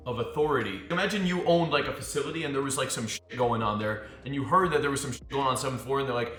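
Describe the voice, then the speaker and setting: A man's voice: medium pitch, fast. A man coaching on dating in a casual monologue, telling stories with swearing and acting out what people said. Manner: animated storyteller who swears and acts out quotes. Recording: echoey room with faint music.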